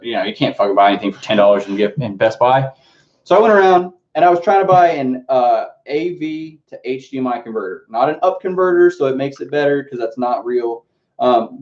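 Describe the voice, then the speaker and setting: A man's voice: medium pitch, a little mellow. A man chatting casually on a live stream as he unboxes his music books, rambling and swearing freely as he answers the chat. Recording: dull lo-fi stream audio.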